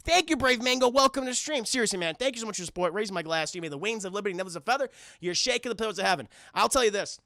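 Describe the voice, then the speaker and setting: A young man recapping a film on a casual live stream, talking straight to his chat, profane and animated. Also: sits high, very fast, no echo, clean studio sound.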